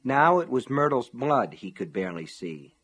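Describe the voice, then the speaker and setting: A man narrating an audiobook in a measured, steady storytelling voice. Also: medium pitch, husky.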